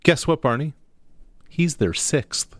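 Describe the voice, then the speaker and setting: A man co-hosting sports talk radio as an animated storyteller who builds his stories to punchlines. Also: a little high, slow, no room sound, studio quality. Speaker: guest co-host. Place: radio studio.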